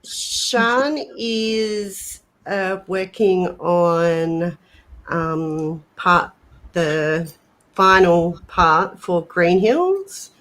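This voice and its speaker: A woman co-hosts a casual livestream, chatting in a low voice. She talks slowly and hesitantly, with plenty of fillers and restarts. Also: a bit bright, slight background noise. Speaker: paranormal channel co-host.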